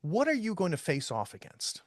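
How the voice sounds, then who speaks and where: A man's voice: high voice, wildly swooping pitch, moderate pace, no echo. Game master, male, descriptive scene narration, dry close mic.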